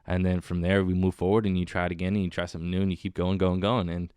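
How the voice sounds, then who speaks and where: Male podcast host, solo casual chat, wired and self-mocking; smooth voice, dry close sound. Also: low voice, level tone, very fast, a little mellow, dry recording. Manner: rambling, self-mocking and jokey. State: wired on coffee.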